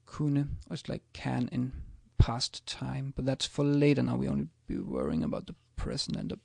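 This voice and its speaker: A man's voice: mid-range voice, sing-song, moderate pace, creaky, darkish tone, no echo, clean studio sound. A man teaching a language in a casual screencast, hesitant, with many ums and restarts as he types examples. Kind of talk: screencast lesson, typing examples.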